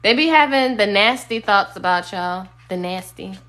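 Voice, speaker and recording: A woman's voice: mid-range voice, animated, normal speed, fairly bright tone. A woman giving a casual, blunt tarot reading on a phone live stream, sometimes singing bits of songs. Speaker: tarot reader.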